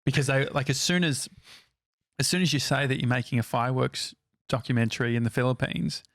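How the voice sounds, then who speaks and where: A man's voice: mid-range voice, a little fast, a bit bright, no room sound, studio quality. An Australian man co-hosting a podcast, telling rambling anecdotes and correcting himself as he goes. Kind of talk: casual podcast chat.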